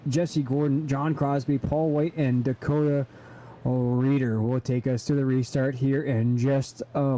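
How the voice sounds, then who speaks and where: A man's voice: mid-range voice, warm tone, poor audio. A man doing live play-by-play commentary on an online racing broadcast, upbeat and announcer-like, reading out standings and going to breaks.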